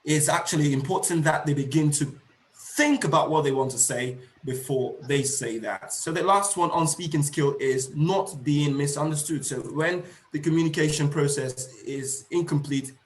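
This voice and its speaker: In a reverberant space, a middle-aged man with a fairly high voice presents an online seminar for teachers. He takes points slowly, rephrases them, and uses filler words.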